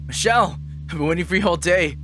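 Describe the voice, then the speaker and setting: A man's voice: fairly low pitch, expressive, normal speed, music in the background, close to an everyday voice. A man voicing a soldier father back from the army in a visual novel, firm with a raised voice. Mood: earnest.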